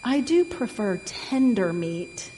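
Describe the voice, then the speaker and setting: Greedy storybook fox, gruff and growly, slow and deliberate, as a woman reads it aloud, echoey room. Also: mid-range voice, big pitch swings, dark tone, slight background noise. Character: hungry greedy male fox.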